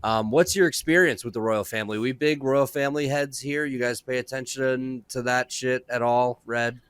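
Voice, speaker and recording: Man, podcast host, bright forceful tone, irreverent joking chat, dry close mic. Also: medium pitch, fairly even intonation, moderate pace, smooth, dry recording. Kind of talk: casual chat.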